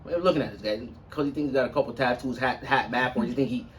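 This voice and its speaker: A man casually telling a long personal story on a podcast, acting out everyone in it with sudden loud, high-pitched bursts. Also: very fast, distant mic. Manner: animated, swings into loud high-pitched quotes of others.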